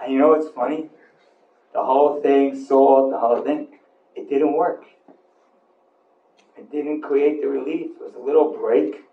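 A man, a rabbi, giving a sermon to an audience, telling a story in an animated way and building to emphatic repeated lines. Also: medium pitch, measured pace, pauses often, reverberant, distant mic, narrow, tinny audio, a little hiss or hum. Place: hall with audience.

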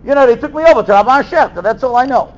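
High lively guy telling a story in a sermon, kinda muffled recording. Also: racing. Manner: animated storyteller acting out voices. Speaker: rabbi giving a talk. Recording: dull lo-fi recording.

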